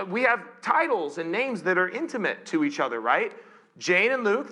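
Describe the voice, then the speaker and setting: A man's voice: high-pitched, bright, forceful tone. A male pastor preaching a conversational sermon in church, with playful asides and frequent self-corrections.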